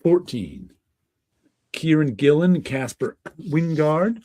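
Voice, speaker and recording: A man's voice: on the high side, expressive, takes it slowly, warm tone, no room sound. Rambling man hosting a comics stream. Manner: rambling, chuckling, many restarts. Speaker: host of a comic book stream. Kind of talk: casual livestream chat.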